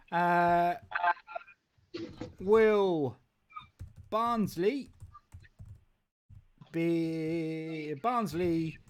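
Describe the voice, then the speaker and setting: A man's voice: sits high, a little hiss or hum. A man hosting a casual football live stream, rambling and jokey with frequent restarts. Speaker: football show host.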